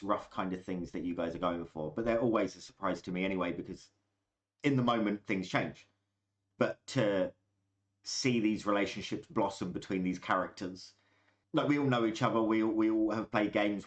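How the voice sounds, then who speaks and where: A British man talking casually as a dungeon master, reflective and chatty. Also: on the low side. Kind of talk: casual chat.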